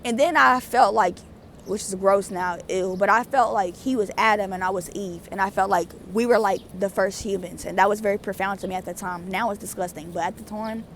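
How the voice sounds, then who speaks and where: A woman's voice: mid-range voice, brisk, slight background noise. A young adult woman vlogger telling a story in a casual, rambling way, full of fillers. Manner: rambling, animated, with many fillers.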